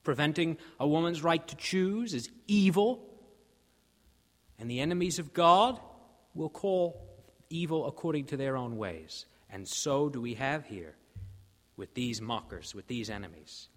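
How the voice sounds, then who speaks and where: A man preaching a sermon, emphatic, rising in force on key lines and dropping low for quoted voices. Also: animated, measured pace. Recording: hall reverb.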